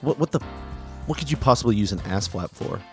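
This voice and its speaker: A man's voice: medium pitch, expressive, a little fast, soft background music. A young man hosting a comedy podcast, fumbling through ad-read takes with swearing and frequent giggling fits. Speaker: podcast host reading an ad. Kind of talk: ad-read outtakes, casual banter.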